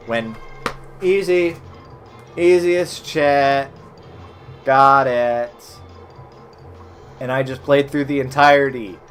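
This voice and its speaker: An American man casually commenting while playing old browser games for his stream chat, swearing and reacting loudly as he plays. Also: mid-range voice. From United States.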